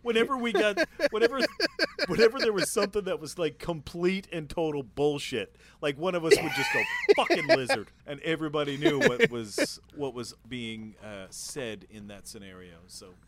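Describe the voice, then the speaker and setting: Man, casual film chat, enthusiastic, swearing, very lively up-and-down voice. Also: fairly high pitch, fairly quick, crowd noise. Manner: enthusiastic, profane, animated storytelling. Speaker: podcast co-host.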